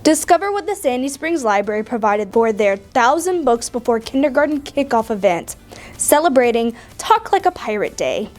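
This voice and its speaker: A woman's voice: a little high, very animated, moderate pace, a little mellow, soft background music. A woman narrating a library video newsletter in an upbeat, scripted promotional style.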